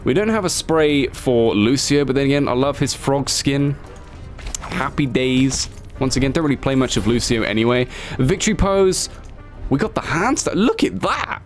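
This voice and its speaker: A man giving casual, excitable commentary as a gaming YouTuber. He swears freely and jokingly scolds himself as he talks. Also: medium pitch, normal speed, faint music behind.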